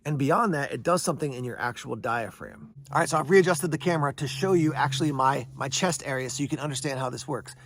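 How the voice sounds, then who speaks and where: A man's voice: mid-range voice, fast talker, few pauses, fairly bright tone, a little hiss or hum. A man hosting a survival channel, talking casually to camera and explaining things step by step, answering questions he imagines from his viewers. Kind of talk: casual instructional talk to camera.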